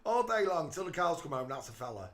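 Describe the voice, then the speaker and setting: A man's voice: on the high side, big pitch swings, fast talker, fairly bright tone. A man hosting his channel, giving mocking commentary over photos and calling out to the viewer. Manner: jeering, talks to the viewer, breaks into laughter. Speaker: channel host.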